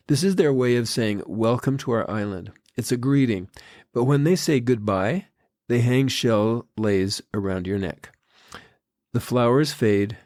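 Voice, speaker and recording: Older man giving a gentle devotional talk. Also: medium pitch, no room sound, clean studio sound. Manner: gentle, unhurried storytelling with quoted foreign phrases. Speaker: podcast host. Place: Tahiti.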